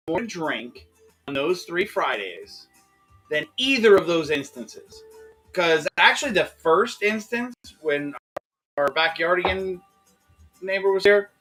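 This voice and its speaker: A man's voice: sits high, sharp tone. A man hosting a casual chat, rambling and poking fun at himself. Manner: rambling, self-deprecating. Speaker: host.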